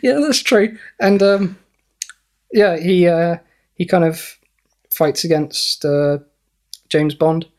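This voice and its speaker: A man's voice: a little high, slow, pauses often, a little mellow. A man co-hosting a podcast, chatting casually and rambling with frequent giggles and fillers. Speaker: podcast co-host. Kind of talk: casual comedic chat.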